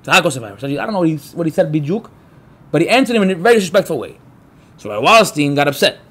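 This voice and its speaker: A rabbi giving a spirited Torah class, his voice pitched high for a man and swinging widely up and down. He tells stories with gusto, acts out the people in them and turns to the room with quick questions. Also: husky. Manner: animated storyteller, acts out quotes; talks to the room, asks the listeners. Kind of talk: Torah class talk to a live group.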